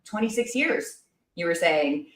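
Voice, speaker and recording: A woman hosting a livestream, talking fast and excitedly with lots of fillers and restarts. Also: fairly low pitch, echoey room, low-quality recording. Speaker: livestream host. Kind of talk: casual chat.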